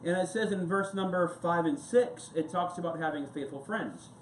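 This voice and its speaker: In an echoey church sanctuary with slight background noise, an American pastor gives a sermon. His high-pitched male voice moves at normal speed as he preaches in a chatty, meandering style, stopping for stories and side comments.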